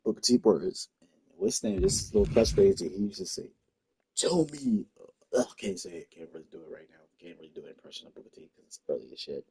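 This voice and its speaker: A man's voice: sits low, wildly swooping pitch, fast talker, vocal fry, few pauses, warm tone, breathy edge, rough recording. A man muttering casual gameplay commentary to himself as he builds a character. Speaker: gamer creating a wrestler.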